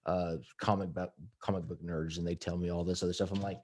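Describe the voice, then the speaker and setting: A man's voice: deep voice, level tone, brisk, a little mellow. A middle-aged man co-hosting a podcast with playful, teasing banter in casual chat. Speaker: podcast co-host.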